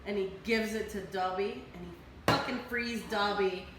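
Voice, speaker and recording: A tipsy woman in her twenties, hosting and retelling a story in a casual, animated, heavily profane way. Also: mid-range voice, normal speed. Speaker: host. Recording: echoey room with faint noise.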